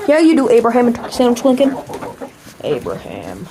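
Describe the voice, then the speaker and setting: A woman's voice: a little high, wildly swooping pitch, brisk, creaky, mellow. A woman chatting playfully to her backyard chickens in baby talk, outdoors in a coop. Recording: noisy coop with clucking hens. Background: chickens clucking.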